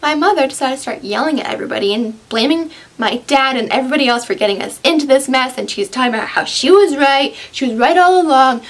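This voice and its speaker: A woman's voice: fairly high pitch, fast, hardly any pauses, a bit bright. A young woman vlogging, telling a story to camera in a sarcastic, self-deprecating and chatty way, full of "like". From United States.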